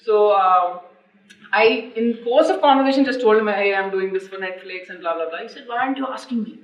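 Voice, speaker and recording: A woman speaks quickly and explains her thinking in a thoughtful way. She sits back from the mic in an echoey room, and the sound is muffled. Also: medium pitch, far from the mic. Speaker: film director. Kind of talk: casual interview chat.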